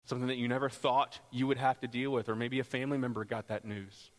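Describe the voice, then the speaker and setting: A man preaching a sermon as pastor, rising into loud, impassioned passages. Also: little pitch movement, quick pace. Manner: builds to loud, high-pitched pleading passages. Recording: long hall reverb.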